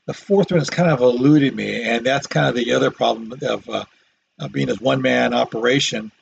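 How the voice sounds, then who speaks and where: A man hosting a solo podcast, talking haltingly with lots of fillers and restarts and dry self-deprecating jokes. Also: mid-range voice, creaky, highs cut off, a little hiss or hum. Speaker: podcast host. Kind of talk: rambling solo podcast monologue. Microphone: microphone.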